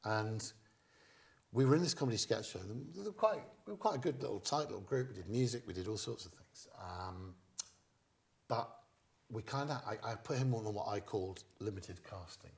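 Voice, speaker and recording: A middle-aged man, a guest comedian, telling stage anecdotes in an interview as a lively storyteller who acts out quoted lines. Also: fairly low pitch, moderate pace, gravelly.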